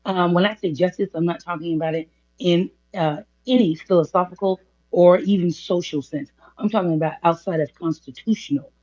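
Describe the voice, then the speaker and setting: Measured woman on a dull lo-fi line. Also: lowish voice, mellow. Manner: measured, enumerating points, insists on clarifying. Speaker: co-host. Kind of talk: podcast discussion. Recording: dull lo-fi sound.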